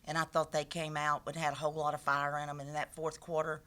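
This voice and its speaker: A woman's voice: low-pitched, little pitch movement, fast talker, bright, forceful tone. A woman head coach speaking at a press conference, emphatic and passionate, repeating her key points.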